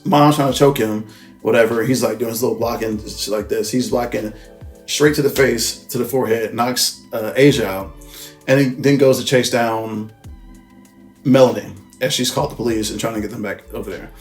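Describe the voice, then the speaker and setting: A man's voice: mid-range voice, steady tone, moderate pace, soft background music. A man casually recapping a film's plot as a reviewer, rambling, swearing and often correcting himself. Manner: rambling, profane, with frequent self-corrections. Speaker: movie reviewer.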